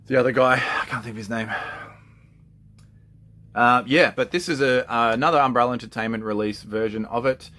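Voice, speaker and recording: A man's voice: medium pitch, fairly quick, pauses often, sharp tone. A man chatting casually and with enthusiasm, often laughing and swearing freely. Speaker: collector. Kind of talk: casual chat.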